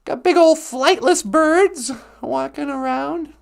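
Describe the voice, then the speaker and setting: A man's voice: extremely high pitch, slow, gravelly, heavily acted. A man playing a rambling woman livestreamer who giggles and makes crude jokes in a comedy sketch. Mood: mocking.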